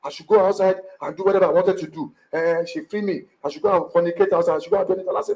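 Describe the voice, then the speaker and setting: Husband, high-pitched, stammering and hurried. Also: male voice, fairly even intonation, a little mellow, low-quality recording. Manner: rushed, stammering, repeats words. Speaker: complaining husband in mediation. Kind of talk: emotional testimony in mediation.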